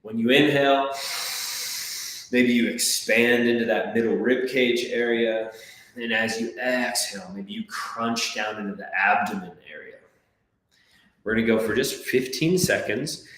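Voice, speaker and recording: A man coaching a breathwork class, calmly counting and giving gentle step-by-step cues. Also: mid-range voice, a little slow, slight background noise. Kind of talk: guided breathwork class instruction. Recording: very echoey room.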